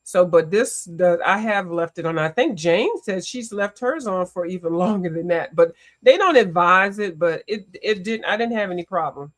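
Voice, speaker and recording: A woman's voice: fairly low pitch, moderate pace, hardly any pauses. Chatty woman hosting a coloring stream. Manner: chatty and animated, greets viewers, often exclaims. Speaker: coloring livestream host. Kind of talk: casual livestream chat.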